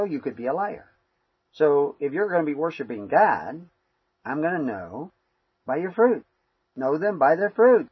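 Guy preaching off the cuff, kinda husky, lots of you knows, muffled sound. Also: medium pitch, dry recording. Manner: rambling, conversational, many fillers. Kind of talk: informal sermon.

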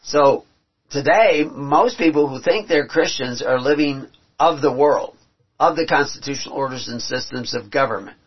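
In a dull lo-fi recording, a preacher with a medium-pitched, slightly rough voice reads from scripture and unpacks it. He's earnest, building to emphatic peaks, with halting restarts along the way.

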